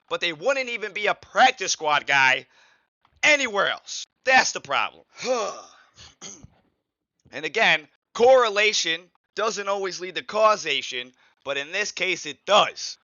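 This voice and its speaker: A man's voice: sits high, pushed and bright, no room sound, highs cut off. A man hosting a sports podcast, ranting in a heated, profane, repetitive way. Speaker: podcast host. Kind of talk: angry sports podcast rant.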